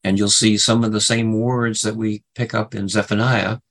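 A middle-aged man teaches scripture in a gravelly, slightly low voice. He halts often with fillers and restarts, then lifts his pitch to stress key words. His tone stays husky throughout. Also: level tone, moderate pace, fairly bright tone, rough recording. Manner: hesitant, many fillers and restarts; rises in pitch when stressing verses. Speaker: Bible teacher. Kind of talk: Bible study lesson.

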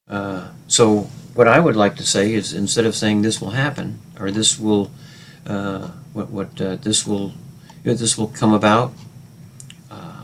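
A lower-pitched man giving a Bible lesson, stumbling through fillers and restarts as he explains. When he reads scripture he lifts his voice with more weight. A faint hum sits behind him. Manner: hesitant, many fillers and restarts, louder when quoting scripture. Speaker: Bible teacher.

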